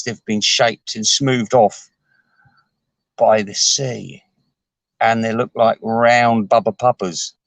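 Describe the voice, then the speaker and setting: A man chatting to his viewers in a rambling, sweary way, chuckling often and jumping his voice up high. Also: no room sound. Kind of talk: casual rambling chat.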